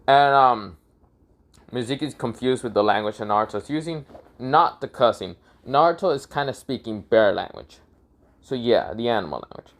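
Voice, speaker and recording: A man's voice: lowish voice, animated, moderate pace. Male narrator, casual improvised fan story, rambling, lots of fillers and self-corrections.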